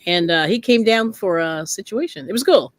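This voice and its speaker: A woman hosting a casual craft chat, telling stories in a lively way, laughing often and greeting viewers. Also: fairly low pitch, normal speed, no echo, clean studio sound. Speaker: host.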